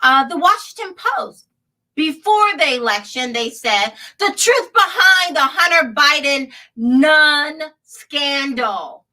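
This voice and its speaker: A woman's voice: sits high, expressive, takes it slowly, bright, forceful tone, recorded from a distance, rough recording. A woman hosting a political commentary show, sarcastic and laughing often as she reads headlines aloud. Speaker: show host.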